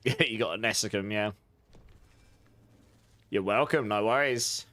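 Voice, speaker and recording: A man's voice: fairly low pitch, a little slow, pushed and bright. A man streaming a game live, chatting casually with viewers and laughing often. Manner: chatty, laughs often, talks to chat and his cat. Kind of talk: live gameplay commentary.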